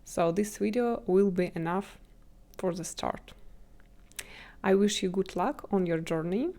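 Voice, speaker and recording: A woman gives a language lesson at an unhurried pace. Her voice sits at a mid pitch, and she patiently sounds out each word syllable by syllable. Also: dark tone. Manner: patient, spells words out syllable by syllable. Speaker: Russian language tutor.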